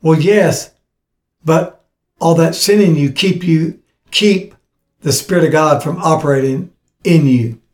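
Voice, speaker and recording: A man's voice: a little high, unhurried, long pauses, darkish tone. A man preaching a teaching sermon, reading scripture aloud and urging his listeners with earnest, repetitive exhortation. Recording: echoey room.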